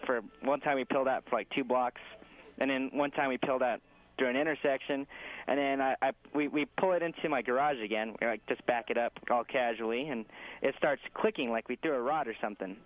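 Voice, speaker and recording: A man's voice: mid-range voice, a little fast. Man from Mexico, radio caller; easygoing rambler, phone-line sound. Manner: laid-back, chuckling, rambling. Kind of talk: phone-in conversation.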